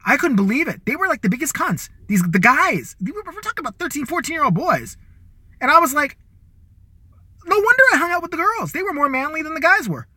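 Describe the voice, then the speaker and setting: A man's voice: very high-pitched, big pitch swings, a little fast, pushed and bright, dry recording. A man from the Chicago area hosting a live show, telling crude, rambling stories about his school days and laughing often. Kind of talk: casual profane storytelling.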